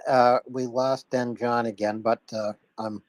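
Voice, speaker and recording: A man hosts a live online audio chat, halting and full of fillers as he calls on speakers and sums up the news. His voice is mid-pitched and dry, close to the mic. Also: level tone, dry recording. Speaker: host.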